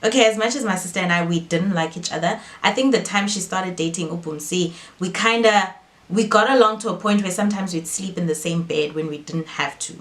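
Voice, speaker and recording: Excitable young woman in an echoey room. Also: fairly quick. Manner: excitable, acts out quotes with big pitch jumps. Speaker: younger sister, guest. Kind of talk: casual storytelling chat.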